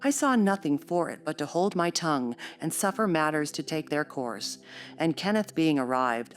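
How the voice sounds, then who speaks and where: A woman narrating a classic novel in a measured, steady storytelling voice. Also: deep voice. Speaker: audiobook narrator.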